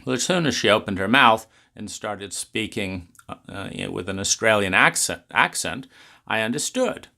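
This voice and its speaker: A man giving an unhurried philosophical talk, making his points with drawn-out emphasis and pointed rhetorical questions. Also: on the low side, expressive, gravelly, sharp tone.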